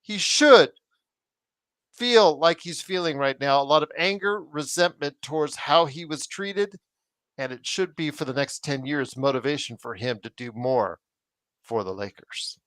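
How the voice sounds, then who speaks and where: A man's voice: fairly high pitch, a little slow, a bit bright, dry recording. A man hosting a podcast, reading out chat comments and pushing back on his guest.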